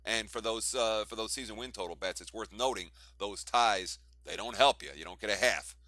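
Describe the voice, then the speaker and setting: A man's voice: fairly low pitch, normal speed, sharp tone, dry recording. A man co-hosting a sports betting show, breaking down results in chuckling, analytical talk.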